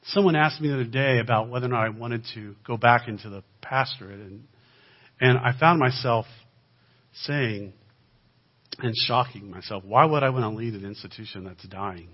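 A man giving a sermon-style talk as a guest speaker, swinging between loud emphasis and quiet asides. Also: medium pitch, moderate pace. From United States. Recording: dull lo-fi recording.

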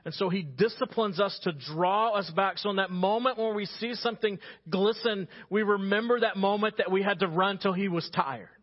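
A man preaches in a church, telling stories in a loose, conversational way and dropping his voice for the serious points. His voice sits a little high. The recording is dull and lo-fi. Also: normal speed, few pauses. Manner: storytelling, conversational with sudden quiet drops. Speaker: pastor. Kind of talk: sermon. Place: church sanctuary.

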